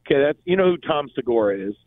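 Radio co-host, man, retells comedy bits with lively voices, thin phone-like sound. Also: fairly high pitch, racing, no room sound. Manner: animated storyteller, acts out quotes. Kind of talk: casual radio talk. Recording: tinny phone-like band, dry.

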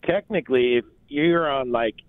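A man's voice: medium pitch, moderate pace, no room sound. A laid-back man chatting casually on a radio show. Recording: tinny phone line.

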